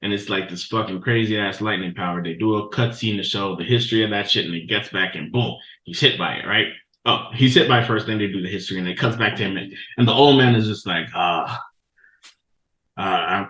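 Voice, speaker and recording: A man hosting a podcast, recapping a show in a loose, profane, animated storytelling way. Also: fairly low pitch, a little fast. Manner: profane, animated storytelling with laughs and quoted voices. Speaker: podcast host. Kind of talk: casual recap of an anime episode. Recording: echoey room.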